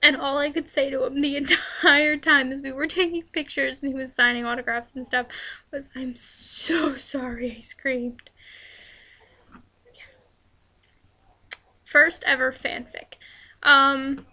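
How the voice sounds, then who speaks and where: A woman's voice: high voice, fairly even intonation, normal speed, pushed and bright. A young woman chatting casually as she answers fan questions in a vlog, often breaking into laughter. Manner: giggly, laughs often while talking. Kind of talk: casual chat.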